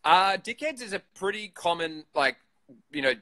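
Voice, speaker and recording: A man's voice: high voice, animated, normal speed, bright, forceful tone, rough recording. A man in his thirties with an Australian accent, chatting casually as an interview guest, swearing freely and laughing often. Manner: profane, laid-back, laughs often. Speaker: interview guest, vape reviewer. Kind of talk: casual chat.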